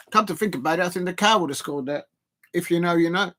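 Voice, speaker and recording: A man hosting a live football watch-along, commentating in a rambling way with many fillers and restarts, excitable at key moments. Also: high-pitched, fast talker.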